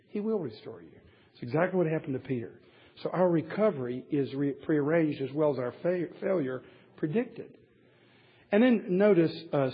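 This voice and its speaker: Husky guy preaching to a men's bible study, wry asides, muffled lo-fi sound. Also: a little high. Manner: emphatic, wry asides, chuckles at his own points. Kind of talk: sermon. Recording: dull lo-fi recording.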